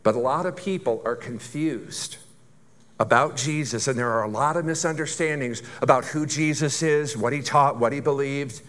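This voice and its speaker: A man's voice: medium pitch, normal speed, fairly bright tone. A pastor preaching a sermon to his church in a conversational way, with rhetorical questions and building lists.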